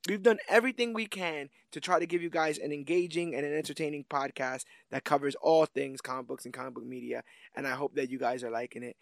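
A man's voice: a little high, fairly even intonation, fast, creaky, few pauses, dry recording, clean studio sound. A man hosting a comics podcast, wrapping up the episode with jokes and plugs in a casual, playful way. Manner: playful, joking, rambling sign-off. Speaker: podcast host.

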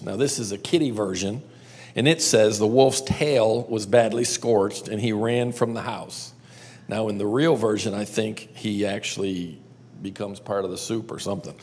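A man's voice: fairly low pitch, steady tone, moderate pace, darkish tone, slightly rough. A man telling a story to a group and drawing lessons from it, coaxing them with questions. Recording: long hall reverb.

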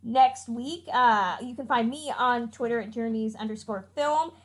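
Podcast host, woman, casual and chatty, a touch high-pitched. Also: measured pace, slight background noise. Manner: chatty, plugs links with fillers and laughter. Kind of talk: casual podcast outro chat.

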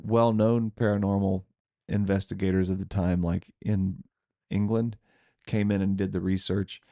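Low gravelly guy rambling through a ghost story on a podcast, lots of little laughs, dry close sound. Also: little pitch movement, moderate pace, warm tone, dry recording. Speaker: podcast co-host. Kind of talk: casual chat, telling a ghost story.

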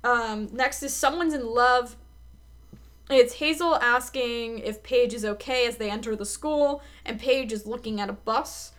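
Young adult woman, slightly high voice, casual recap podcaster, swears freely. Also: measured pace, a bit bright. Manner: frequent swearing and filler words. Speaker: podcast co-host. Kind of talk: casual episode recap chat.

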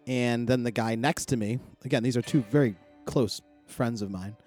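A middle-aged man chatting as a podcast co-host, telling a long, rambling story full of swearing and loud quoted outbursts. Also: medium pitch, normal speed, faint music behind. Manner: rambling, profane, animated when quoting others. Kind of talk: casual chat, storytelling.

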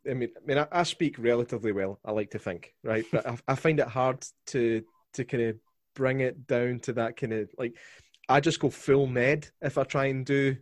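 A man's voice: mid-range voice, moderate pace, no room sound, clean studio sound. A man co-hosting a casual interview over a video call, jokey and self-deprecating. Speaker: podcast co-host.

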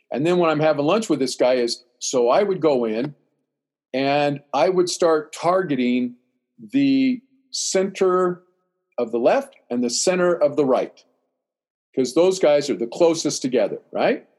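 An older man with a slightly high, slightly slow voice tells a long story in casual conversation. He's animated, acting out what other people said, and rambles with many restarts.

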